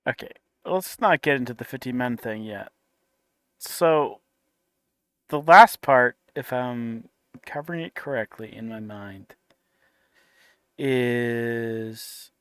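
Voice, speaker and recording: A man's voice: medium pitch, lively intonation, slow, pauses often, a bit bright, smooth, no echo, clean studio sound. A man making a casual reaction commentary, sarcastic and incredulous, with laughing asides.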